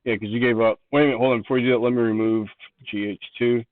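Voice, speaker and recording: A man's voice: medium pitch, fairly even intonation, racing, dry recording. A man narrating a tabletop game as its game master. He walks the players through the rules patiently, backing up to restate things. His voice comes through a thin, phone-like call line. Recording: tinny phone-like call audio.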